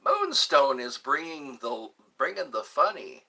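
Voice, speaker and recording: A man hosting a casual livestream, reading viewer comments aloud and answering them in a slow, drawn-out, jokey way, often repeating his phrases. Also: mid-range voice, very animated, sharp tone, husky. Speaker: livestream host.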